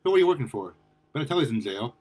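A man's voice: medium pitch, big pitch swings, very fast, a little mellow, husky. A man reading aloud and voicing an earnest masked heroine who pleads with a rival in a lifted voice.

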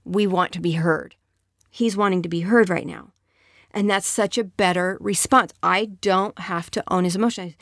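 A woman's voice: lowish voice, steady tone, normal speed, fairly bright tone, no room sound, clean studio sound. A woman speaking earnestly and conversationally, giving relationship advice to other women.

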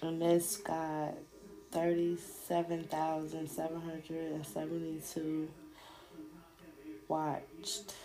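Low, slow-talking woman with a gravelly voice. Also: monotone, crowd noise, poor audio. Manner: laughs often, talks to listeners as y'all. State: sore throat. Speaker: podcast host. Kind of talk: casual solo podcast commentary.

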